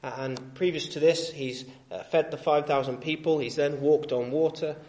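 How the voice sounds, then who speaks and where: A male street preacher giving a sermon in a gentle, reasoning tone, with frequent fillers and restarts. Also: a little high, steady tone, moderate pace.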